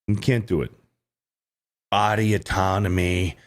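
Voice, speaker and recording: A man's voice: low voice, measured pace, fairly bright tone. A man hosting a reaction commentary show, ranting in a profane, fired-up way.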